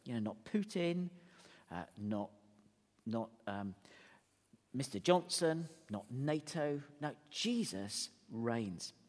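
Pastor preaching, voice swooping up and down, chatty with dry little jokes, long echo off the hall. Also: male voice, medium pitch, slow pace, long pauses. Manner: chatty, animated preaching with wry asides. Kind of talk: sermon. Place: church hall.

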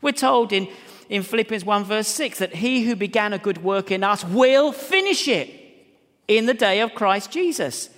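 Animated pastor in an echoing church. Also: male voice, sits high, normal speed. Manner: animated, storytelling, swings between hushed and loud. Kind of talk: sermon.

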